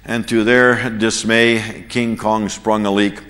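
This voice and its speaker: A man's voice: lowish voice, slow. Man preaching in a reverberant hall. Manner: storytelling, animated, chuckles at his own jokes. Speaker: preacher teaching a church class. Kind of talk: sermon with anecdote.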